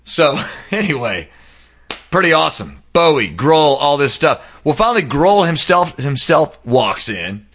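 A man casually telling an animated anecdote, acting out the people in it and singing sound effects. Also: on the high side, a little slow, muffled recording. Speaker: storyteller.

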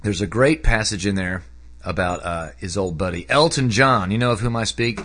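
A man talking casually about a book he read, rambling with lots of fillers, his voice jumping up when he gets excited. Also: fairly low pitch, normal speed, slight background noise. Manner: animated, voice jumps up when excited. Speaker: book reviewer. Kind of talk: casual spoken book review.

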